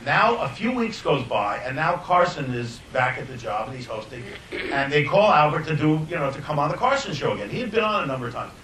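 An older man, a filmmaker, telling anecdotes in an animated way, often laughing and restarting his sentences. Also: fairly quick. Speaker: filmmaker guest. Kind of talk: anecdotal storytelling. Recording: roomy distant mic, faint rumble.

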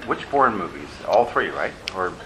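A man's voice: low-pitched, big pitch swings, normal speed. A man in casual conversation as interviewer, musing and hesitant, often trailing off with fillers. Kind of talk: casual film talk. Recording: background noise with dish clatter.

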